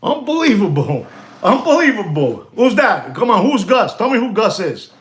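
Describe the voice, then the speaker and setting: Excitable host. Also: male voice, sits high, normal speed. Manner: animated, excitable, slips into Spanish exclamations. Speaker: live stream host. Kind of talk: live-stream chat with viewers.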